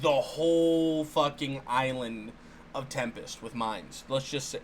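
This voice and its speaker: A man's voice: mid-range voice, unhurried, slight background noise. A man co-hosting a gaming podcast, chatting casually and profanely, building up schemes step by step with hype. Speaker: podcast co-host.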